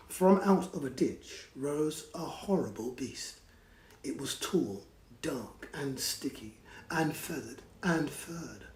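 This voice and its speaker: Lively man reading a bedtime story. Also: fairly high pitch, slow pace, echoey room, a little hiss or hum, rough recording. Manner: animated, drops to whispers, invites children to join in. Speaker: children's storyteller. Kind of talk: read-aloud storytime for children.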